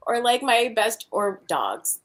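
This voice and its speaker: Slow talking woman with a bouncy kinda high voice, just chatting. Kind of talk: casual chat.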